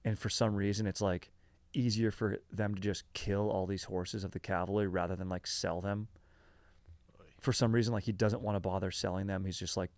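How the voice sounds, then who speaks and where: Low-pitched man, gravelly fry, casual podcast host, rambling with fillers, slangy, dry close sound. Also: steady tone, moderate pace, darkish tone, dry recording. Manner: rambling, filler-heavy, slangy, says dude and bro. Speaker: podcast host telling a history story. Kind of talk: casual conversational storytelling.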